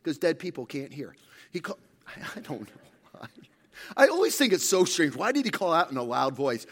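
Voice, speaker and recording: A man preaching a sermon as pastor, swinging between shouted peaks and hushed, intimate passages. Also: a little high, big pitch swings, normal speed.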